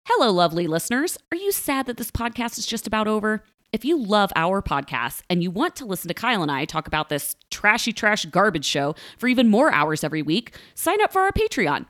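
A woman's voice: medium pitch, sing-song, brisk, few pauses, a bit bright. A woman hosting a podcast, chatting casually and laughing often. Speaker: podcast host. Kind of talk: casual chat.

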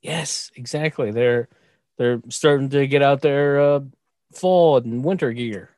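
A man's voice: medium pitch, a little slow, a little mellow, dry recording. A man in casual podcast chat, joking around and playing along. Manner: joking, playful, laughs along.

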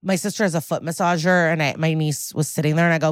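A woman co-hosting a podcast, retelling TV scenes in casual chat, blunt and quick to swear. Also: low-pitched, steady tone, no room sound, studio quality. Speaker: podcast co-host recapping episodes.

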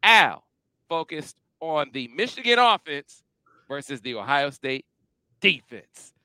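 A man hosting a casual sports show in an energetic, emphatic, playful style on a close mic. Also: on the high side, slow pace, clean tone, no room sound. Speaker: podcast host.

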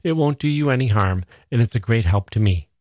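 A man voicing a young male doctor who talks in a merry, flippant way and stays calmly in charge. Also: mid-range voice, a little fast, no room sound, lightly acted. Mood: humoring, brisk.

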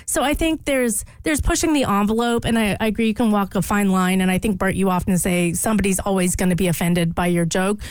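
A woman's voice: mid-range voice, fast talker, few pauses, no room sound, low-quality recording. A woman co-hosting a talk radio show, arguing a point emphatically and with indignation. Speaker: radio co-host. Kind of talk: casual talk radio discussion.

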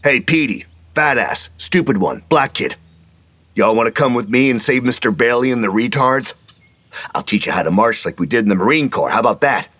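A man voicing a crude, loudmouthed older ex-Marine grandfather who mocks and insults everyone. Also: mid-range voice, expressive, moderate pace, husky, dry recording, pitched above the performer's own voice. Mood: brash mocking. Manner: brash, mocking, insulting.

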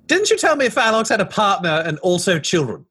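A man's voice: high voice, very animated, fairly quick, pushed and bright, breathy edge. A man playing a tabletop role-playing game, talking in a playful, joking way. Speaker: player.

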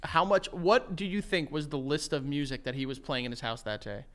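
High-voiced joking man. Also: a little fast, a bit bright. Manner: jokey, laughs a lot, swears freely. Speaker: podcast co-host. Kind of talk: casual chat.

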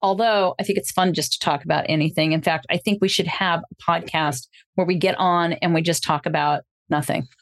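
A woman's voice: on the low side, steady tone, fairly quick, hardly any pauses. A woman guest, a coach who also hosts podcasts, explaining her ideas in a reflective, flowing way. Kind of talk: casual interview chat.

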